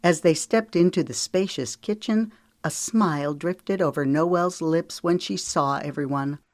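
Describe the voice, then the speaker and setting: A woman narrating an audiobook in a calm, measured storytelling manner. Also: low-pitched, no echo. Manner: calm, measured storytelling with lifted voices for dialogue. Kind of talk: scripted narration.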